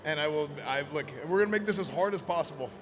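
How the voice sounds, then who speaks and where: Loud playful man hosting a noisy event. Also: on the high side, fast. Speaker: event presenter in costume. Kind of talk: joking live event hosting. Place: convention event floor. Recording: noisy convention floor.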